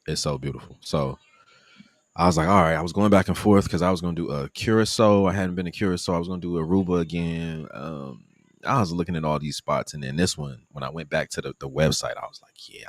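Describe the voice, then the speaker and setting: Deep-voiced man with a gravelly edge, chatty vlogger telling a story, swings his pitch a lot, dry close sound. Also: no echo. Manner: animated, acts out quoted people in a higher voice. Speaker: vlogger live-streaming his trip. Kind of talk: casual storytelling.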